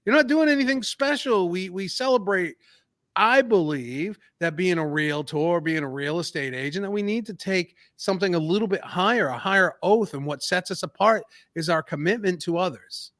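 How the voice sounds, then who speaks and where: A man's voice: high voice, animated, moderate pace, fairly bright tone, no echo, clean studio sound. An American man co-hosting a podcast, talking in an earnest, emphatic, somewhat preachy way. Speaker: podcast co-host. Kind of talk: casual podcast talk.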